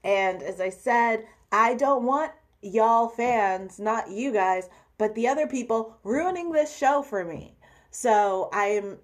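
A woman's voice: fairly high pitch, lively intonation, takes it slowly. Chatty woman hosting a solo podcast. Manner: chatty, candid, self-deprecating. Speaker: podcast host. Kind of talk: casual solo podcast chat.

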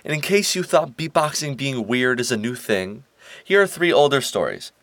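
A man narrating a scripted piece in a playful, emphatic way. His voice sits at a middle pitch. It is recorded very dry and close. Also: very animated, normal speed, fairly bright tone, no echo. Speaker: host and narrator.

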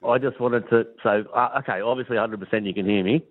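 A man's voice: mid-range voice, fairly even intonation, fast talker, dry recording. A man calling in to a radio show, eager and repeating himself. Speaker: caller. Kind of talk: talkback phone call. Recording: tinny phone line.

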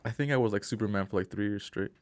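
Young guy cohosting a podcast, low voice, chill and cussing a lot, dry close mic. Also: very fast, no echo. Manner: laid-back, profane, laughs often. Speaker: podcast co-host. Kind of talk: casual chat.

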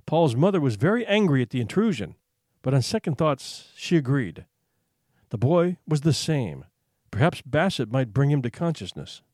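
A man reading a dramatic short story aloud, building suspense with expressive, hushed pauses. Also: medium pitch, no room sound, clean studio sound. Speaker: narrator.

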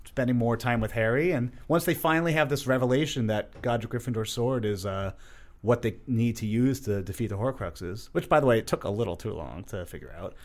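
A man's voice: medium pitch, a little fast. Chatty man rambling through a recap. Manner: rambling and animated, lots of fillers. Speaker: podcast co-host. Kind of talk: casual chat.

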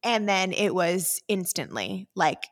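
A woman's voice: on the low side, sing-song, slow pace. A young woman co-hosting a podcast in casual chat, talking with lots of fillers. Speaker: podcast co-host.

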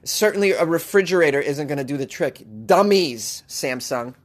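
A podcast host with a slightly high voice rants through strange news stories on a comedy commentary show, speaking at a normal pace. Sarcastic and animated, he slips into mocking voices as he riffs.

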